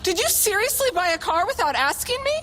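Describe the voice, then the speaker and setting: A woman's voice: extremely high pitch, big pitch swings, brisk. An actress in a radio ad playing an incredulous wife scolding her husband, over music. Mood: exasperated. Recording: ad with music behind.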